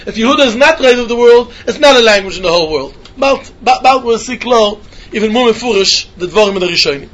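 A man giving a yeshiva-style Talmud lecture in a quick sing-song study chant. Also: very high voice, expressive, fairly bright tone, lo-fi sound. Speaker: Talmud teacher.

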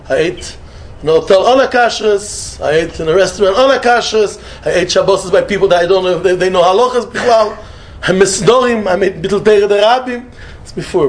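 High-voiced man preaching with sudden swings. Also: slight background noise. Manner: animated, swings between loud emphatic lines and soft murmured ones; peppers English with Hebrew and Yiddish words, short repeated phrases. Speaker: rabbi giving a talk. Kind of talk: sermon with storytelling.

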